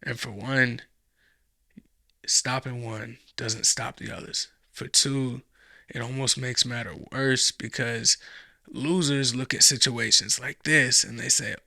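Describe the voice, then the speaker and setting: A gravelly man with a bright, forceful edge gives blunt, profane commentary while reacting to a video. He rants casually. His voice is close and dry, with no room sound. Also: mid-range voice, steady tone, takes it slowly, no room sound.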